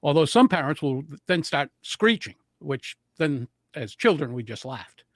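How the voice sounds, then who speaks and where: A man who coaches public speaking, talking as a guest and explaining voice and breathing techniques with animated demonstrations. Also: on the high side, measured pace, no room sound, clean studio sound. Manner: animated, demonstrates vocal intonation.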